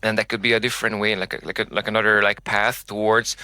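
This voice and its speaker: Casual host, smooth dry voice. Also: male voice, lowish voice, level tone, quick pace, bright, forceful tone, dry recording. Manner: casual, many "like" and "you know" fillers. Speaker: podcast host. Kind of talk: conversational interview.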